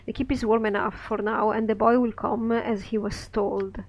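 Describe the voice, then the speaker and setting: A man reading a scripted play aloud, voicing an ancient lonely wizard who speaks in solemn, measured rhyming verse. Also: high voice, little pitch movement, creaky, low-quality recording. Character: ancient lonely male wizard, cold and sorrowful.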